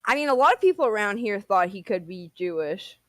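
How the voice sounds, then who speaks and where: A woman's voice: mid-range voice, sing-song, a little fast, fairly bright tone, no echo. A woman with an East Tennessee accent, chatting on a livestream as a guest, rambling and giggling with many restarts. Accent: East Tennessee Southern. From near Washington DC, raised in Tennessee. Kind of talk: casual livestream chat.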